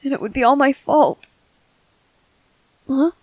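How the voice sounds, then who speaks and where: A woman voicing an anxious young male soldier tending a wounded companion, soft and over-apologetic, in a whispered role-play. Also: high-pitched, a little slow, dry recording, low-quality recording. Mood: worried.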